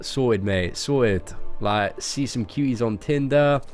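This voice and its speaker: A man's voice: mid-range voice, slow pace, soft background music, close to an everyday voice. A man voicing a cocky young male roadman who talks in swaggering street slang and keeps tagging lines with filler.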